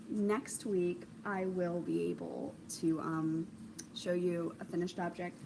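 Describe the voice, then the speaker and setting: A woman's voice: lowish voice, low-quality recording. Casting: young woman, home knitting vlogger, bubbly and rambling, light hiss on the track. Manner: gushing, chatty, many ums, bursts of excitement. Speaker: knitting podcast host. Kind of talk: casual chat. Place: home craft corner, indoors.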